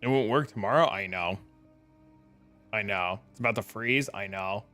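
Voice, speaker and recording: A man's voice: lowish voice, moderate pace, sharp tone, soft background music. A man streaming a game, chatting casually in a laid-back, profane, rambling way full of fillers. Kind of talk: casual live-stream chat.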